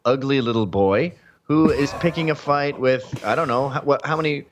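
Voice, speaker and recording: A man's voice: mid-range voice, moderate pace, a little hiss or hum. A man from Canada talking as a guest on a talk show, sardonic and mocking. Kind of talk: casual talk show chat.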